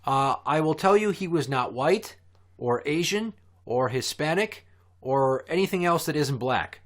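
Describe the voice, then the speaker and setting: A man's voice: a little high, measured pace. Foul-mouthed man telling a story. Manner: profane, animated storyteller. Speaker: podcast host. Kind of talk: casual storytelling chat.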